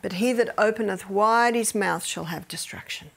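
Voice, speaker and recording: A woman's voice: mid-range voice, normal speed, creaky, slight background noise. A middle-aged woman gives a faith-based health lecture, telling stories with animation and often dropping to near-whispers.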